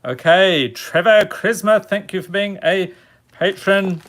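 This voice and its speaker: A man's voice: sits high, takes it slowly. A man with a Chicago accent streaming a card-pack opening, reading out card names and chatting with his viewers. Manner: reads card names in a steady list, then chats with viewers. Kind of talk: casual live-stream chat.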